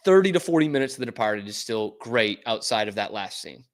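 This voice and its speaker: A young man from the Boston area with a mostly suppressed Boston accent, hosting a sports talk show in animated, opinionated casual chat. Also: fairly low pitch, fairly quick. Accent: mild Boston, mostly suppressed. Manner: animated, opinionated, lots of fillers.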